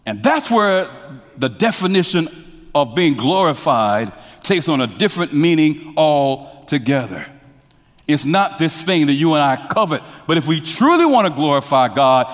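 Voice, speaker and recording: A man preaching a sermon as pastor. He drops to hushed lines, rises to emphatic ones, and has the congregation finish his sentences. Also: fairly high pitch. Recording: long hall reverb.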